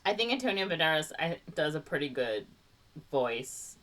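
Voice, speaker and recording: A woman's voice: deep voice, sing-song, moderate pace, a bit bright, far from the mic. Giggly, rambling woman podcast host. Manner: giggly and rambling, many fillers. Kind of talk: casual chat.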